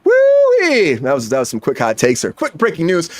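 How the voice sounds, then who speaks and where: Male show host, quick and animated delivery, dry close sound; hypes up the news. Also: medium pitch, no echo, faint music behind. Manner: energetic, hypes up breaking news. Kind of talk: comedy entertainment news chat.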